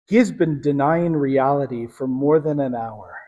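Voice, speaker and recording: A man preaching a sermon, telling the story dramatically and with emphasis, sometimes dropping to a hush. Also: mid-range voice, moderate pace, in a large hall, rough recording. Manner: dramatic storytelling, emphatic, drops to hushed tones.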